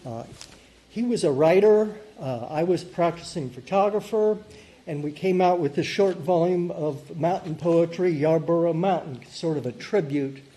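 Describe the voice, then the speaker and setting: A man in his seventies lighting the chalice at a service, then sharing relaxed, rambling remarks with many ums and uhs. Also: a little high, moderate pace. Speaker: lay leader lighting the chalice. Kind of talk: casual spoken remarks at a service.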